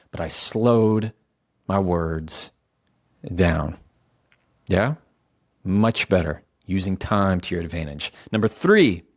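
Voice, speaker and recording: A man giving casual advice on calming heated conversations, talking conversationally and slowing his words for emphasis. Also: lowish voice, dry recording, studio quality. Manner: conversational, self-correcting, slows down for emphasis. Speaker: communication coach. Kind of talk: casual instructional talk.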